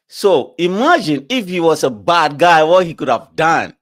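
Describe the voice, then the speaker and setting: A man with a fairly high voice tells a story in casual podcast chat. He acts out both sides of each exchange and swears freely. His pitch jumps sharply when he gets worked up. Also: sing-song, unhurried, hardly any pauses.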